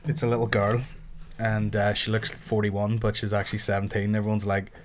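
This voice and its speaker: A man's voice: on the low side, completely flat delivery, a little fast, slight background noise. A man hosting a podcast, telling crude, rambling anecdotes in casual chat. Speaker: podcast host.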